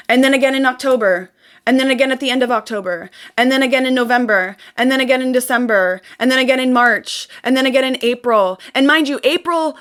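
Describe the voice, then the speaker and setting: Intense young woman venting, high voice. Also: a bit bright. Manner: intense, fast-talking, swearing, repeating phrases for emphasis. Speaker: vlogger. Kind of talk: emotional venting monologue to camera.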